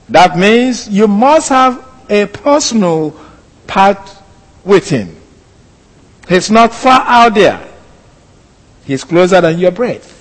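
A male pastor preaching a sermon with slow, emphatic, deliberate delivery. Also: high-pitched. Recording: long hall reverb.

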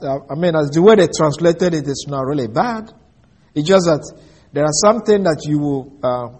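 A man delivers a sermon in a calm, teaching tone, drawing out important phrases slowly. His voice sits a little high for a man and has a husky edge. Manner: measured teaching, slows to stress key phrases. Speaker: preacher.

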